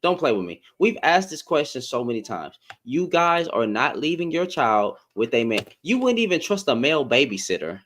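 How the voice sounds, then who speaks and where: Animated man ranting on a livestream. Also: mid-range voice, normal speed, few pauses. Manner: animated, confrontational, slangy. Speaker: live-stream host. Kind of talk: heated casual rant.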